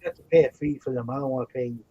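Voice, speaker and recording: A man's voice: medium pitch, fairly even intonation, racing, warm tone, husky, muffled recording. A man chatting on a live stream, greeting viewers by name and talking about his plans. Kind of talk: casual chat.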